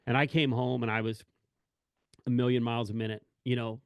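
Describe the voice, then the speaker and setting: A corrections officer with a clean-toned, mid-range voice speaks at a normal speed to staff, captured in clean studio sound without echo. He opens up about work and family, rambling, fixing his own words and performing bits of dialogue.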